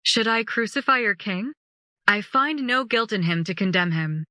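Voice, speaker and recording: A woman's voice: medium pitch, animated, normal speed, dry recording. A woman reading the lines of the wavering Roman governor Pilate, proclaimed to a crowd. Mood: proclaiming. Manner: loud public proclaiming. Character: Roman governor Pilate, grown man, irresolute.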